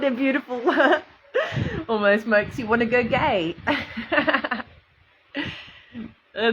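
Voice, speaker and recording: A woman's voice: on the low side, a bit bright, dull audio, a little hiss or hum. An Australian woman rambling to her viewers on a livestream, emotional and swearing freely, answering commenters as she goes. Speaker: vlogger addressing viewers.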